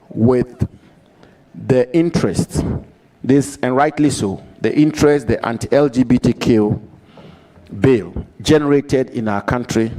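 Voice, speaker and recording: A man questioning a nominee at a formal parliamentary hearing, deliberately quoting the record and repeating his points for emphasis. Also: medium pitch, dark tone, poor audio. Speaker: committee member questioning a nominee.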